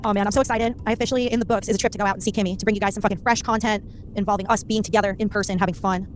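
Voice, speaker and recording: A woman hosting a podcast, speaking in a higher, girlish voice, playful and giggly with casual swearing. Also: steady tone, racing, faint music behind. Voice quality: higher, girlish "baby voice" today. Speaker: podcast host. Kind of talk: casual chat.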